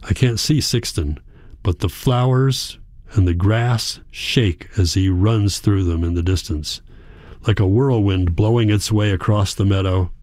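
A man reading a first-person novel aloud, quiet, measured and reflective. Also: on the low side, dry recording, clean studio sound. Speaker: audiobook narrator. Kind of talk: first-person literary narration.

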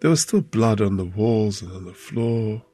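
A man's voice: fairly low pitch, animated, normal speed, dark tone, dry recording, faint music behind. A middle-aged man, a former football club chairman giving grave, emotional interview testimony that sometimes drops to a near whisper.

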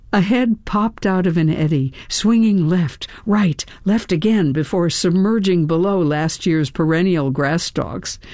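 Expressive woman reading a memoir, slow and lively. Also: no room sound, studio quality. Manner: expressive, with sudden lifts in pitch. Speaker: narrator. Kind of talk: audiobook memoir narration.

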